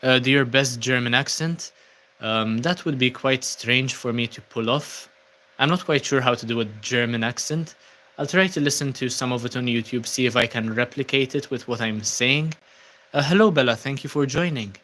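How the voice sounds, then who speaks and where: A man's voice: mid-range voice, moderate pace. A young man from Malta hosting a casual livestream, reading out viewer comments with lots of ums and uhs. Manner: relaxed, many ums and uhs, thanking viewers. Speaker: livestream host.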